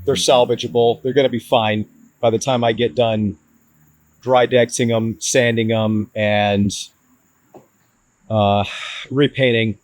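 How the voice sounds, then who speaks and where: A man vlogging his van build to the camera, frustrated and hard on himself, with halting restarts. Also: medium pitch, flat delivery, low-quality recording. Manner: frustrated, self-critical, talks in restarts. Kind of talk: casual DIY vlog talk to camera.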